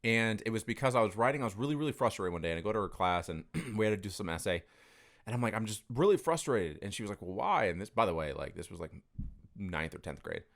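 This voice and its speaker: A man's voice: fairly low pitch, fast talker. A man telling stories in a casual conversation, with frequent fillers and free swearing. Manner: animated storyteller, swears freely, many fillers.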